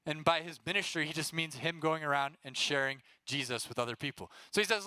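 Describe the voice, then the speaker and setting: A young man speaking as a youth pastor, giving a casual, animated talk to students. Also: fairly high pitch, fast talker, hardly any pauses, clean tone, dry recording.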